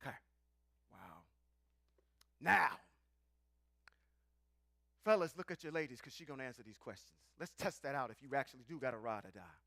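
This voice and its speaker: A man leading a live-streamed scripture teaching in a playful, animated way, calling out to the people in the room. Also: medium pitch, normal speed, gravelly, long pauses, no room sound, clean studio sound. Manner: animated, playful, calls out to the audience.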